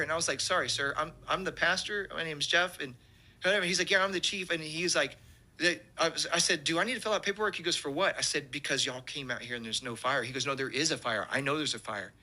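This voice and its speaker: A man, a pastor telling an animated testimony story and acting out the quotes. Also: a little high, brisk.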